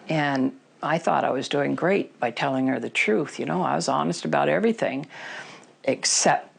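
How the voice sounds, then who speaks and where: A woman's voice: sits low, gravelly. A middle-aged woman telling her personal recovery story in an interview, candid and emotional, with many fillers.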